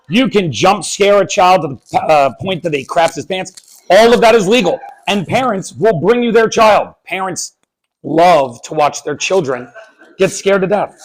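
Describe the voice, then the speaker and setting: A man in his thirties from the United States telling a personal story on stage at a story slam, wry and animated. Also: fairly high pitch, poor audio. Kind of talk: live story slam performance. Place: on stage before an audience.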